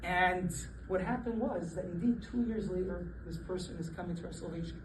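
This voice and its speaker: A man with a fairly high voice gives a lively Torah class, laughing often and slipping into the voices of people in his stories. He sounds set back from the microphone in a roomy, echoing space with a faint hum of background noise. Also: fairly quick. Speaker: rabbi teaching a class. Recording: echoey room, voice from a distance, faint background noise.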